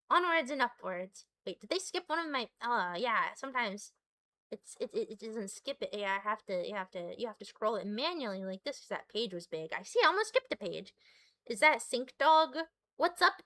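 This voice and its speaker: A woman's voice: on the high side, bright, forceful tone, no echo. A woman streamer reading a webcomic aloud and chatting to her viewers in a giggly, rambling, self-deprecating way. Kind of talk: casual live-stream reading with chat asides.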